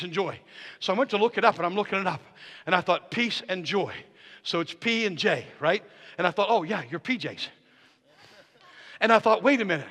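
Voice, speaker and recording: A man preaching a charismatic sermon as guest speaker, swinging from hushed talk to shouted declarations and telling stories with quoted dialogue. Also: high-pitched. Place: church sanctuary. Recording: long hall reverb of a church.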